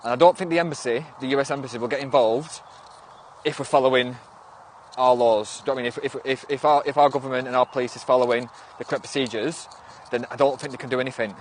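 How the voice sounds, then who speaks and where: A man's voice: medium pitch, steady tone, fast, slight background noise. A young man from Northwest England with a Northern English accent, chatting loosely on a phone livestream, rambling with frequent restarts and swearing now and then. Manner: rambling, restarts often, swears and snaps back at commenters. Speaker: livestream host. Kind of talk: casual livestream chat, reading and answering viewer comments.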